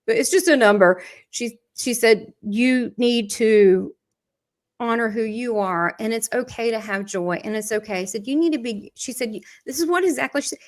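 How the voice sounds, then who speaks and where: Chatty Southern woman giving a reading. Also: medium pitch. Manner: chatty, laughs often, relays quotes from spirit. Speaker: psychic medium. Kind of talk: live medium reading.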